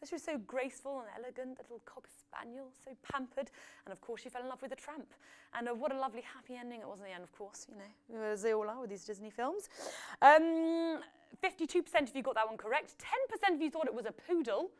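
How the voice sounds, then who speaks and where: A woman's voice: on the high side, lively intonation, fast. A woman hosting a live quiz, reading out questions and results with chatty, jokey asides. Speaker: quiz host.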